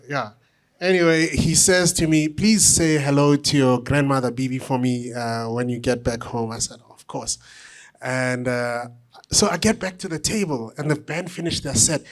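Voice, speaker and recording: A middle-aged man, an author and conductor, telling an anecdote at a book talk with lively, self-deprecating humor. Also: mid-range voice. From South Africa. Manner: animated anecdotal storytelling with self-deprecating laughs.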